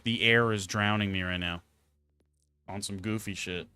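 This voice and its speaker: A man's voice: lowish voice, normal speed, smooth, no echo. A young man streaming a game, telling stories to chat in a casual, swearing, exasperated way. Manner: animated, swearing, exasperated storytelling. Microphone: close desk mic.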